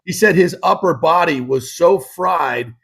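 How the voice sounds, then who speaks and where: A man's voice: a little high, a little slow, vocal fry, a bit bright, husky. A man hosting a sports talk show, chatting loosely with his co-host and often breaking in with exclamations.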